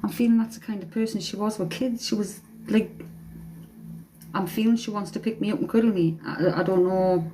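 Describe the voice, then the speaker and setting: A woman's voice: mid-range voice, fairly even intonation, fairly quick, mellow, slight background noise, low-quality recording. A woman working as a psychic medium, giving a live-stream reading in a hesitant way, repeating phrases and humming song lines, speaking into a phone.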